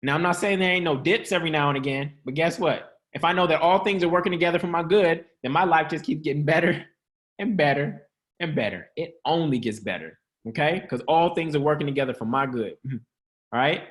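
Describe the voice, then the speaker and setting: A man's voice: on the high side, a little fast, fairly bright tone. A man hosting an upbeat motivational teaching session in a casual, slangy way, joking, laughing often and quizzing his listeners. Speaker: host of an online church-style teaching.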